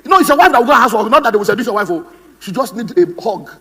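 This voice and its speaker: High-pitched fast Nigerian speaker. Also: male voice, big pitch swings, bright, forceful tone, husky, long reverb tail. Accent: Nigerian English. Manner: humorous, theatrical, acts out quoted voices. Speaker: motivational speaker. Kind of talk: animated seminar talk. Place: conference hall on stage.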